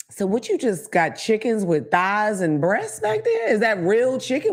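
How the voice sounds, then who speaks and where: A woman hosting her own talk show, riffing in a blunt, profane, animated monologue. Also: fairly high pitch, normal speed, few pauses. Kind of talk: casual comedic monologue.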